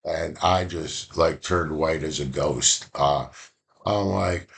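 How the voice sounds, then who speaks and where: A male professor giving a casual, animated lecture, repeating key points and acting out quoted voices in his stories. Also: extremely low pitch, measured pace, gravelly. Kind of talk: classroom lecture.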